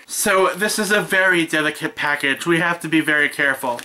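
A young woman vlogging from her room as she unboxes a gift, excitable and quick to squeal, laugh and swear. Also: low voice, noisy background. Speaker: YouTuber opening a gift. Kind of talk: casual unboxing vlog. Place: her own room at home. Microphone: camera on a stand in front of her.

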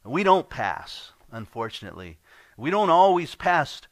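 A man's voice: on the high side, big pitch swings, measured pace, no room sound. A man preaching a sermon as pastor, earnest and conversational, often repeating words as he goes.

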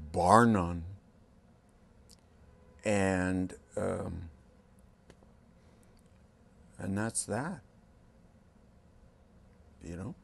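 Slow, gravelly older man telling stories. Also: on the low side. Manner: animated storyteller, acts out quotes. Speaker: rock guitarist interviewed. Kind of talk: storytelling interview.

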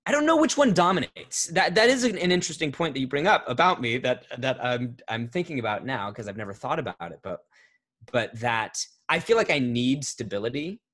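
A man in his thirties talking casually as an interview guest, rambling and correcting himself, getting animated when he tells a story. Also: mid-range voice, fairly quick. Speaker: voice actor guest. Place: home recording setup, remote interview.

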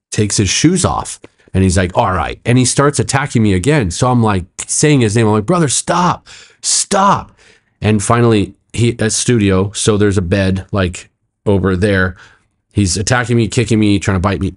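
A pastor telling a story in casual conversation, animated and acting out quotes, with frequent laughter. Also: male voice, fairly low pitch. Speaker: pastor, podcast guest.

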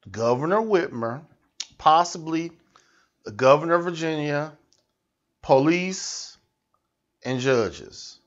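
A man's voice: a little high, a bit bright, muffled recording. A man hosting a satirical news show, ranting with mocking sarcasm. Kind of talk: comic political rant.

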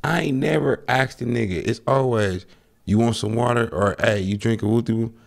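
A man streaming a reaction to a video, talking in an animated, slangy way and laughing often. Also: mid-range voice, normal speed, vocal fry. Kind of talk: reaction commentary.

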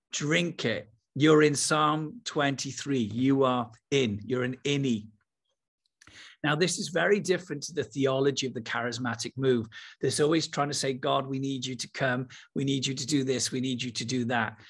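A man teaching with enthusiasm, then slowing to a soft, unhurried pace to lead a guided meditation. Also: medium pitch, slightly rough. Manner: enthusiastic, then slow and soft when guiding. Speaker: spiritual teacher.

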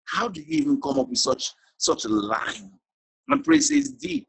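A man hosting an online reading, gushing and excitable, stumbling over restarts as he praises the poem. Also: on the high side, normal speed, gravelly, breathy edge, low-quality recording. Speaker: host. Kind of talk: casual hosting on a video call.

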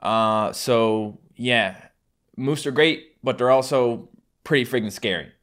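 A man's voice: medium pitch, slow, a bit bright. A man in his twenties with a Newfoundland accent, chatting casually through fan questions on his channel, rambling and joking with local turns of phrase. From Newfoundland, Canada. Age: 20s. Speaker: YouTuber answering fan questions. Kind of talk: casual Q&A chat.

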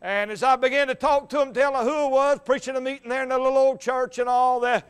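A male evangelist preaching a fervent revival sermon, building to shouts and quoting old scripture. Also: very high voice, fairly even intonation, fast, smooth. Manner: impassioned, rising to shouts, quotes old scripture.

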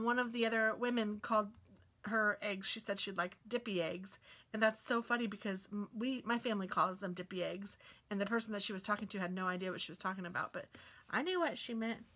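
A woman's voice: mid-range voice, fairly bright tone. A woman hosting a casual cookbook walk-through, reading recipes aloud and chatting with delighted exclamations. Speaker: craft and book video host.

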